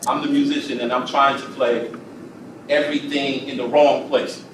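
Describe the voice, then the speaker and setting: A man leading a music master class, talking in a lively, playful way and often checking that the room understands. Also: mid-range voice, normal speed. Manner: animated, playful, asks the room if they understand. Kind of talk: lively teaching talk to students. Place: lecture hall. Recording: distant mic in a very echoey hall with background noise.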